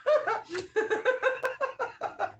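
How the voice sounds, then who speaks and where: A tarot reader talking casually to viewers, excitable and laughing often, stretching out exclamations. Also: very high-pitched, extremely slow.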